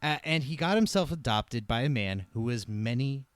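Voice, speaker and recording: A man telling a comedic history story on a podcast, wry and profane, with lively delivery. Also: medium pitch, normal speed, dry recording.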